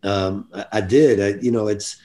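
A man's voice: on the low side, fairly even intonation, moderate pace, dark tone. An older man, a basketball coach, talking earnestly and reflectively as a guest on a podcast. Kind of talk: podcast interview.

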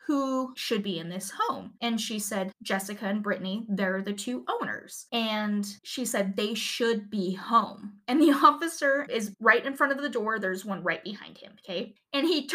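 A woman's voice: a little high, bright, forceful tone. A woman co-hosting a podcast, telling a story in casual chat and laughing often as she goes. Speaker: podcast co-host.

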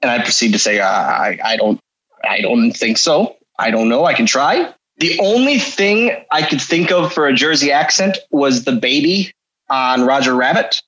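A man's voice: mid-range voice, expressive, moderate pace, fairly bright tone, muffled recording. A man chatting as a guest, telling a story with self-deprecating humor. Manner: self-deprecating, laughing at himself. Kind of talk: casual storytelling.

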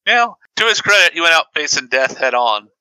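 A man's voice: a little high, big pitch swings, fairly quick, pushed and bright, smooth, no echo, poor audio. A man co-hosting a podcast, adding wry asides and quips while discussing a film. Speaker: podcast co-host. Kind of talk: casual movie discussion.

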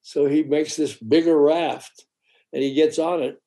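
A man's voice: a little high, unhurried. A man telling a story in casual chat, acting out the voices of his characters and swearing now and then. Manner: animated, acts out the voices of characters in his stories.

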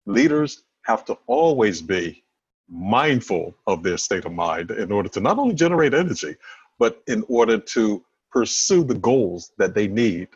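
A man talking as a guest expert over a video call, his delivery lively and swinging in pitch. His voice has a slightly husky edge, and the audio is dry and a bit dull, like compressed call sound. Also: no echo. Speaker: body language and negotiation expert guest. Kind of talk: conversational interview.

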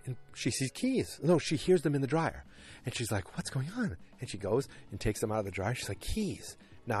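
A man talks alone into his podcast mic at home, retelling a TV episode in a loose, animated ramble. His voice sits on the low side, full of ums and restarts. Faint music plays softly under him. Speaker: podcast host recapping a TV episode. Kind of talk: casual solo podcast recap.

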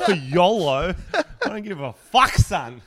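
Young male podcast co-host, lively storyteller who swears freely, slightly high voice, dry close sound. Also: slow pace, no room sound. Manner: animated, swears freely, laughs often. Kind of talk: casual chat, storytelling.

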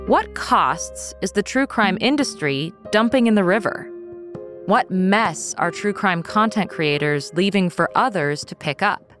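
A woman's voice: lowish voice, fairly bright tone, no room sound. A woman co-hosting a podcast, addressing listeners directly in scripted narration. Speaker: podcast co-host.

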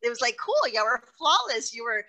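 A woman hosts her own podcast with a bright, ringing tone pitched a little high. She talks in quick, effusive bursts and lets her voice jump up whenever a story excites her. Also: poor audio. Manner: effusive, animated, fast bursts of speech. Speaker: podcast host. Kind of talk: casual interview chat.

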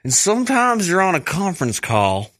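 A man's voice: sits high, wildly swooping pitch, moderate pace, fairly bright tone, no room sound, studio quality, full character voice. A man doing a sleazy shifty pizza tycoon. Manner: sleazy, evasive, calls others boy. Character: shifty male pizza tycoon posing as a Belgian gentleman. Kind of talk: improvised comedy sketch. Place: studio.

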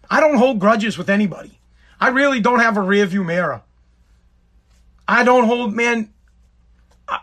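A middle-aged man tells a personal story as a casual monologue, rambling and emphatic and packed with swearing. His voice is high and fairly bright, with a breathy edge.

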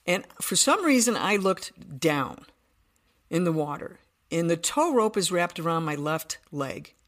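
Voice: medium pitch, sing-song, measured pace, fairly bright tone. A podcast guest telling a personal story in earnest detail, often restarting sentences.

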